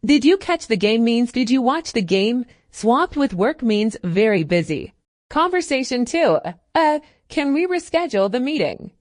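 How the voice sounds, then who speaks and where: High, lively-voiced woman teaching English. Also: dry recording, studio quality. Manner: clear, measured, encouraging delivery with deliberate pauses. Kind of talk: scripted English listening lesson.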